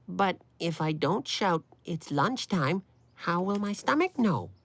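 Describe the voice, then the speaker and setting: A gravelly, naive cartoon dragon. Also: female voice, on the low side, lively intonation, takes it slowly, a little hiss or hum. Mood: innocent. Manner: innocent, puzzled, eager. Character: naive, hungry, childlike male dragon. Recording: cartoon soundtrack with music.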